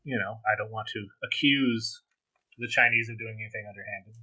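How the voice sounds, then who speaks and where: A man co-hosting a podcast, rambling through his points with frequent ums and restarts. His voice sits low but has a bright, forward edge, and the recording sounds dry and close with little room sound. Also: fairly even intonation, fairly quick, dry recording, poor audio. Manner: rambling, hesitant, full of ums. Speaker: podcast co-host. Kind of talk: casual chat.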